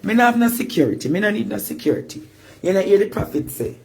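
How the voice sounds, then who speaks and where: A man with a Jamaican accent ranting in a live-stream monologue, breaking into shouts and sing-song cries. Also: high-pitched, big pitch swings, fast, gravelly, husky.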